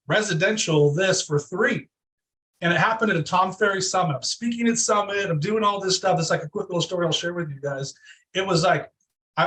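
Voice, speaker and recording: Animated high-voiced man telling stories. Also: far from the mic, poor audio. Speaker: real estate team leader, guest. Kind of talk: energetic storytelling interview.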